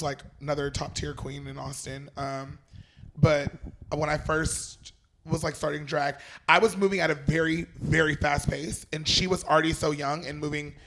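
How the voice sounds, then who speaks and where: Gravelly, candid young man opening up. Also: a little high, fairly bright tone, slight background noise. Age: about 30. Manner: candid, emotional, quick asides. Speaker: guest. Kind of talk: casual podcast chat.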